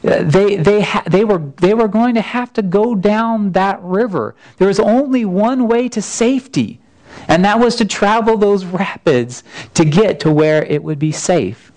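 A man's voice: sits high, lively intonation, measured pace, darkish tone, poor audio. A man, preaching a sermon as a folksy, earnest personal story with frequent restarts. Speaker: pastor.

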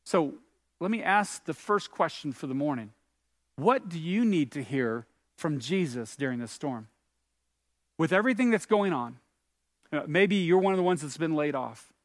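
A man's voice: on the high side, lively intonation, moderate pace, dry recording. A man preaching a sermon as pastor, earnest and conversational, asking the listener questions and rising to emphatic peaks. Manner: earnest, builds to emphatic peaks on key phrases.

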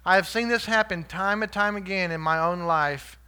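A man delivering a sermon in a high, bright voice. He is earnest but conversational, and he checks in with his listeners through quick rhetorical asides. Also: clear, resonant tone. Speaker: lay preacher.

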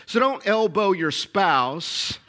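A man's voice: sits high, lively intonation, slow pace, bright, forceful tone. A middle-aged man preaching a sermon as pastor, emphatic and repetitive, calling out to his congregation for responses.

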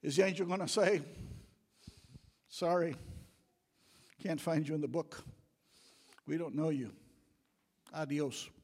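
Husky-voiced preacher in a reverberant church. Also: male voice, takes it slowly, long pauses, darkish tone. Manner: preaching with rising, booming emphasis. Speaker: pastor. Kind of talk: sermon. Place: church sanctuary. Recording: long church hall reverb.

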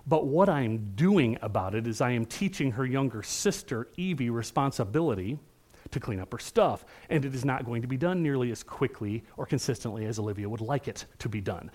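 A man's voice: mid-range voice, expressive, a little fast, a little mellow. A middle-aged male pastor preaching a sermon in an earnest, conversational way, often checking in with the room.

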